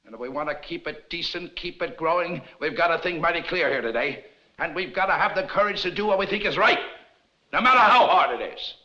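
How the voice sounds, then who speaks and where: An actor playing an earnest town leader making a measured, swelling speech to a church meeting, on an old lo-fi film soundtrack. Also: male voice, a little high, sharp tone. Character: earnest persuasive male town leader, middle-aged. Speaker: townsman addressing a church meeting.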